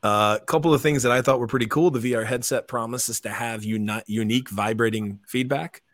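A man's voice: mid-range voice, steady tone, a little fast, dry recording. A man hosting a casual headline rundown, joking with his crew between stories. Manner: chatty, laughs between headlines, asides to crew. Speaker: show host.

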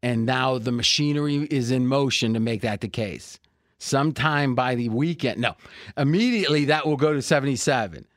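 An American man hosting a sports betting podcast, chatting casually and joking as he pitches betting packages with a salesman's energy. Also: expressive, normal speed, no room sound, clean studio sound. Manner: upbeat salesman-like, joking, laughs often. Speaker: podcast host.

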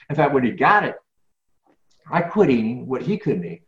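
A man's voice: mid-range voice, normal speed. A middle-aged man talks through his answers in a loose, earnest way, doubling back on words and getting heated when something annoys him. The sound is roomy and a little dull, like a lo-fi recording in an open space. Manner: earnest, rambling, repeats words, grows animated when ranting. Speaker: guest, business speaker. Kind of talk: casual interview answers.

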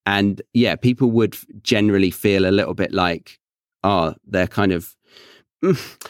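A young man with a neutral Southern British accent talks casually as a podcast host, his voice low-set. He chats in a relaxed, reflective way, pausing to correct himself. The sound is dry and close. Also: clear, resonant tone, no echo. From England. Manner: relaxed, thoughtful, with fillers and self-corrections. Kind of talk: casual chat.

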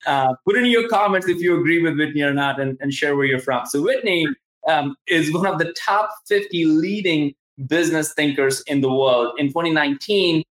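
A man's voice: on the high side, normal speed, a bit bright. A man with a Southern accent hosting a live interview over a video call, enthusiastic and rambling, with many restarts. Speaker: podcast host. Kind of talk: casual live-stream interview. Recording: roomy, echoey room sound.

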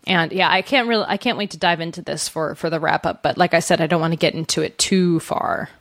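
A woman's voice: on the low side, fast, a bit bright, no room sound, studio quality. A woman co-hosting a podcast, discussing a novel in a chatty, hesitant way with many fillers. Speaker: podcast co-host. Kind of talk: casual book discussion.

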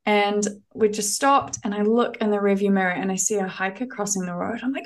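A woman's voice: mid-range voice, a little fast, hardly any pauses. A woman guest on a podcast, telling stories casually, enthusiastic and chatty with lots of ums and restarts. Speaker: podcast guest, thru-hiker. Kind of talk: casual conversational storytelling.

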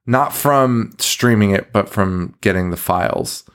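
A man with a lowish, slightly bright and clean-toned voice co-hosts a horror podcast at a measured pace. He sounds tired and yawns, rambling through casual chat, swearing often, and laughing between sentences.

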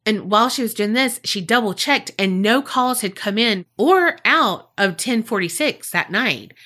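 A woman's voice: on the high side, expressive, normal speed, bright, forceful tone. A woman co-hosting a podcast, casually retelling a true-crime case with profanity and playful acted-out quotes. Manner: chatty and profane, acts out quotes in funny voices. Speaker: podcast co-host.

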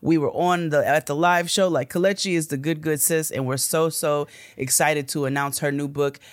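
A woman's voice: low voice, fairly even intonation, normal speed, no room sound, studio quality. A woman co-hosting a casual podcast chat, playful and slangy, now and then slipping into sing-song bits. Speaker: podcast co-host.

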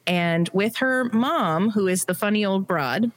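A woman co-hosting a casual comedy podcast, describing a film in a relaxed way, often pausing on ums. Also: medium pitch. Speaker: podcast co-host. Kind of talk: casual chat.

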